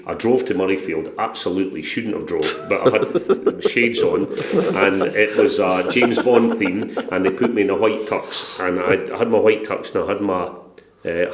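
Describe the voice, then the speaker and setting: A man in his sixties with a Scottish accent, a broadcaster telling stories as a podcast guest, animated and swearing freely. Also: sits low, roomy sound. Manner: lively storyteller, swears freely. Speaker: guest, broadcaster and stadium announcer. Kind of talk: casual podcast chat.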